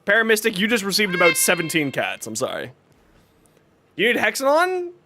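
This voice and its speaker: A man's voice: high voice, very animated, fairly quick, background noise. A man hosting a casual game livestream, greeting viewers by name and joking as he plays. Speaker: livestream gamer.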